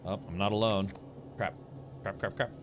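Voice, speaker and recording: A man's voice: lowish voice, fairly even intonation, moderate pace, background noise. Casual rambling male game streamer. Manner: casual, rambling, reacts aloud while playing. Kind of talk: gaming livestream commentary, chatting with viewers. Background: game music.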